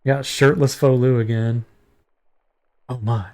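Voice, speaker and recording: A man's voice: mid-range voice, steady tone, slow, a little mellow. A man casually chatting and joking while streaming a game. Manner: offhand, joking, swears. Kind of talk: casual gaming stream chat.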